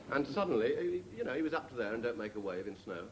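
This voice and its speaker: A man on a comedy panel telling jokes as stories, slipping into funny put-on voices. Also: medium pitch. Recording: noisy old TV archive recording.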